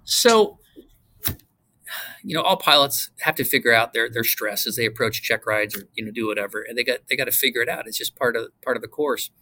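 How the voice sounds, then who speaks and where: A man's voice: mid-range voice, fairly quick. An older man, a retired fighter pilot from the United States, telling stories in an interview and acting out the other people's voices in them. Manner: acts out voices in his stories, swings between loud and hushed. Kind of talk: animated storytelling in an interview.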